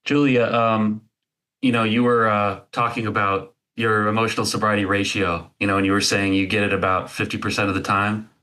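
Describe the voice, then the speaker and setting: A man's voice: on the low side, flat delivery, brisk, sharp tone. A man co-hosting, asking questions hesitantly with many fillers. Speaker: podcast co-host. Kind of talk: casual interview questions.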